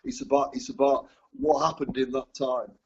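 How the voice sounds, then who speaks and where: A man from England, sharing his recovery story with a group in a halting way, often repeating words and chuckling. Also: medium pitch, steady tone, darkish tone, husky, dull audio. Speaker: recovery speaker. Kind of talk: personal testimony to a group.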